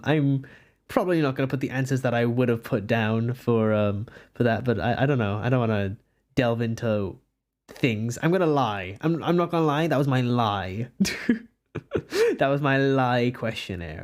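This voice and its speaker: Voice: mid-range voice, normal speed, a little mellow. A nineteen-year-old streamer chatting casually on a live stream while drawing, giggly and self-mocking. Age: about 19.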